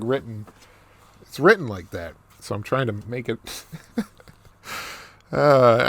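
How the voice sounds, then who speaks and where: A man reading a novel aloud and explaining it off the cuff, halting and self-deprecating with many restarts. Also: mid-range voice, a bit bright, dry recording. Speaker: reader.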